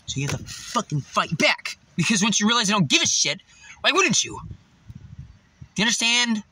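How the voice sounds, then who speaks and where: A man's voice: high-pitched, big pitch swings, moderate pace, sharp tone, breathy edge, poor audio. A man vlogging from a parked car, ranting bluntly and swearing constantly. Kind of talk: profane ranting monologue. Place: parked car in a parking lot.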